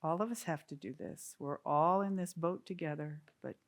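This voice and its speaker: A woman's voice: deep voice, normal speed. Earnest woman telling a sermon story. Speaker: service speaker.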